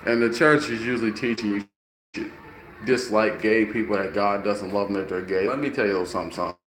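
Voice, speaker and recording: A man's voice: fairly low pitch, fairly even intonation, brisk, fairly bright tone. Guy telling stories casually, earnest and a bit preachy, echoey room, faint hiss. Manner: earnest, preachy, acts out voices. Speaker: storyteller. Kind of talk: casual storytelling monologue. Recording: roomy, faint background noise.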